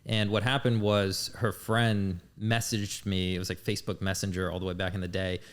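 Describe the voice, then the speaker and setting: A fairly low-pitched man in his thirties shares his story as a podcast guest. He talks in a casual, candid way and swears without a second thought. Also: little pitch movement, normal speed. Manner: candid, blunt, swears freely.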